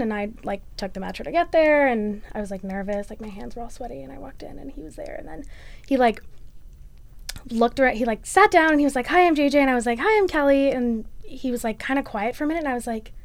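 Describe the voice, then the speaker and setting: A woman's voice: high voice, quick pace, vocal fry, no echo. A young woman and college student, chatting animatedly through a personal story for a podcast, with lots of "like". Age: young adult. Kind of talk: storytelling interview.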